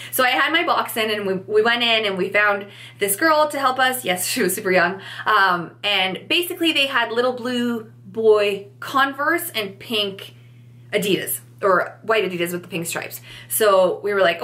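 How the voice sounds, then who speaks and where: Bright, chatty young woman vlogger. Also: medium pitch, moderate pace. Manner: animated, chatty, acts out quotes. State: pregnant. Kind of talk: casual storytelling to camera.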